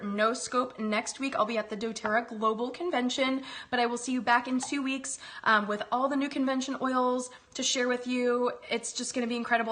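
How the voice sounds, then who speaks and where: A woman's voice: on the high side, fairly bright tone. A woman hosting a casual live cooking demo, upbeat and gushing with chatty asides. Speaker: host demonstrating a recipe.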